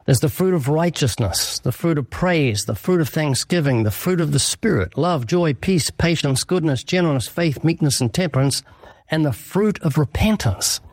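Here a man with a fairly high, expressive voice speaks at normal speed, with no echo. He's an evangelist being interviewed, and his answer is earnest, emphatic preaching, illustrated with brief quotes he performs.

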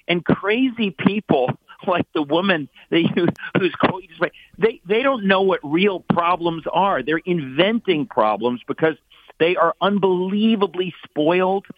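A man in his sixties, a guest talking with forceful, mocking scorn. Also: sits high, no echo. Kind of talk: emphatic opinion talk. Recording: tinny phone line.

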